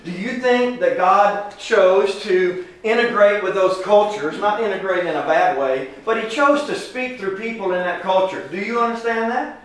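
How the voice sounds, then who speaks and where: A man's voice: sits high, normal speed. A man teaching an informal Bible class, talking casually and putting questions to his listeners. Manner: conversational, asks the class questions. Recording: very echoey room from a distance.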